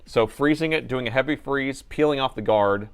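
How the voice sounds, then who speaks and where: A man's voice: mid-range voice, normal speed, smooth. A man hosting a laptop repair livestream, chatting casually to viewers and laughing often as he works. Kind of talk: casual live repair chat.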